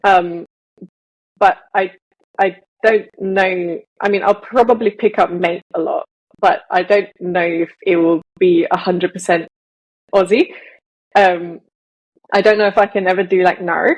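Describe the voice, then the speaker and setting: Slow, hesitant woman with British accent. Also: fairly low pitch, fairly even intonation, poor audio. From Malaysia. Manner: rambling, hesitant with many fillers and restarts. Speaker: podcast co-host. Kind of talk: casual podcast chat.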